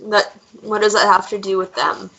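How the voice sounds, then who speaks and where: Bright-voiced woman playing a tabletop game. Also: mid-range voice, steady tone, moderate pace, vocal fry, low-quality recording. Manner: inquisitive, pressing questions. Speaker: player. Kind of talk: tabletop role-play.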